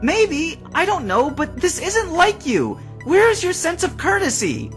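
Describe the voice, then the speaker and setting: A man's voice: extremely high pitch, huge pitch swings, moderate pace, fairly bright tone, faint music behind, voice pushed up, heavily acted. A man reading a storybook voices an indignant, exasperated teenage girl who scolds sharply.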